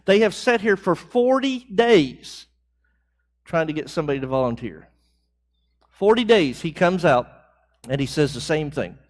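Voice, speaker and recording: A man's voice: fairly high pitch, lively intonation, moderate pace. A man leading a church Bible class, talking conversationally, asking the class questions and building emphasis on key phrases. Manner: conversational, asks the class questions and answers back.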